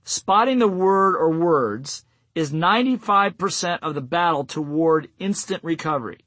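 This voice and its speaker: A man delivers an instructional sales-training talk in a somewhat high voice. He works through numbered steps and drops into short acted bits of self-talk. The sound is close and dry, with no room echo. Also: expressive, normal speed, a bit bright.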